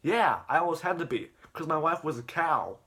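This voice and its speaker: A man's voice: a little high, animated, moderate pace, sharp tone, pitched above the performer's own voice. A man voicing a boastful middle-aged guy who rambles through jokes about his wife. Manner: brash, rambling punchlines.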